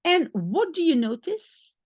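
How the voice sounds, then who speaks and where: A woman's voice: very high-pitched, very animated, a little slow, no room sound. A woman from Belgium, a native Dutch speaker with a Belgian accent, patiently teaching beginner French and repeating phrases as she thinks aloud. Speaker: language teacher.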